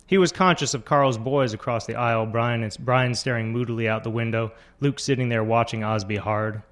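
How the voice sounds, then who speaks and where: A man narrating literary fiction in a steady, measured reading voice. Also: medium pitch.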